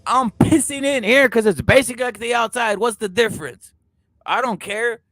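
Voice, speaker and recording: A man's voice: fairly high pitch, lively intonation, a little fast, dry recording, faint music behind. A man voicing an indifferent scruffy male house dog that talks in a crude, dismissive, shrugging way. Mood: careless.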